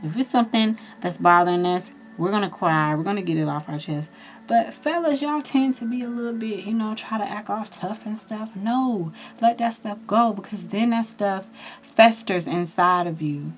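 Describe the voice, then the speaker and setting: Brief: woman tarot reader, chatty and reassuring, talks straight to viewers, soft music underneath. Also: mid-range voice, normal speed. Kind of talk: casual astrology reading.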